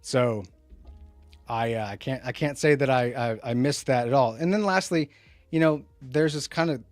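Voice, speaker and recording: A man co-hosting a tech podcast, chatting loosely and rambling from point to point with sarcastic jabs. His voice is mid-pitched and recorded close and dry. Faint music plays underneath. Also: moderate pace, no echo. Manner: animated, rambling, sarcastic asides. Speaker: podcast co-host. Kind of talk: casual tech podcast chat.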